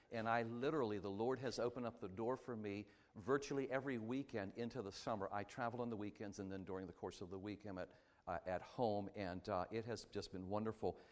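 Male traveling preacher, lowish voice, rapid and joking delivery in a church. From Pittsburgh, Pennsylvania. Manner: fast-talking, chatty and joking. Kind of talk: sermon. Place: church sanctuary.

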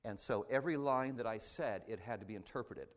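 Fast-talking preacher, low voice. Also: male voice. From Pittsburgh, Pennsylvania. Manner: fast-talking, chatty and joking. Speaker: traveling preacher. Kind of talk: sermon. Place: church sanctuary.

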